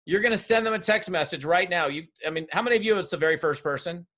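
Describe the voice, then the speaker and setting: A man coaching a group of network marketers on a video call, direct and energetic, talking straight to his audience. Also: sits high, fast talker.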